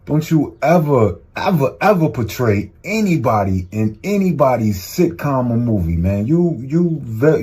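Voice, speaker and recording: A man's voice: medium pitch, dark tone, slightly rough. A man delivering a playful, joking scolding in a comedic rant.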